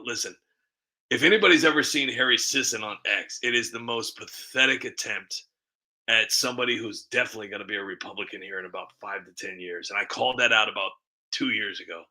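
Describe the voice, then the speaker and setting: A middle-aged man talks straight to his viewers in loose, candid commentary. He rambles and pokes fun at himself. His voice has a bright, sharp edge with a slight roughness. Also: mid-range voice, rough recording. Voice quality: a bit rough, smoker-like. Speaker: comedy video creator. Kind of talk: casual commentary to camera.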